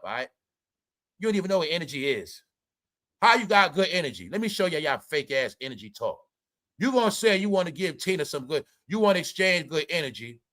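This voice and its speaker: Male vlog host, sharp and bright tone, profane ranting commentary aimed at the audience. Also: high-pitched. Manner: profane, scolding, talks straight at the audience; big swings between loud and muttered. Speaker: celebrity gossip commentator.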